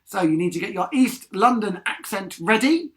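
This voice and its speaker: A man's voice: high-pitched, expressive, normal speed. A man leading a live-streamed sing-along lesson, chatty and encouraging, breaking into song now and then. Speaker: music leader of a sing-along. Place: home in Havering. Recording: guitar music behind the voice. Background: guitar playing.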